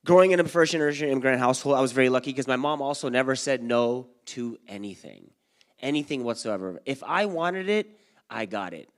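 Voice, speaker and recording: Energetic young man doing stand-up. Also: medium pitch, fairly quick. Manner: energetic crowd work, acts out his parents and friends. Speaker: stand-up comedian. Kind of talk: stand-up comedy set. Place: community center event hall, live audience.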